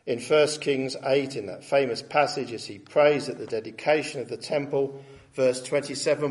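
A man preaching, reading each verse with rising emphasis before explaining it in plainer speech. He slows down to stress the words that matter. His voice sits at an ordinary pitch for a man. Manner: reads scripture aloud with rising emphasis, then comments plainly; deliberate, stresses key words. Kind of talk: expository sermon.

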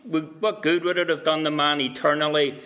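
A man's voice: on the high side, level tone, moderate pace, pushed and bright. A male pastor preaching a sermon at a carol service, telling a story in a conversational way with asides. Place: church.

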